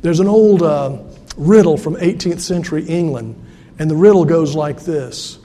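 High-voiced pastor in a reverberant hall. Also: male voice, normal speed, mellow. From South Carolina. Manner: earnest, conversational preaching with restarts. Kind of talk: sermon. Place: church sanctuary.

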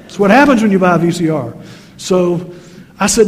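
A man's voice: high voice, animated, moderate pace. An older man preaching a sermon, telling homely stories with a folksy, self-deprecating humor. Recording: long reverb of a large hall.

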